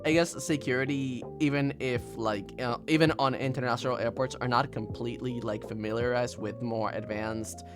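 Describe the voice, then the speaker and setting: Halting man chatting over music. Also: mid-range voice, steady tone. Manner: halting, many fillers. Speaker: streamer. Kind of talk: casual chat. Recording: soft music behind.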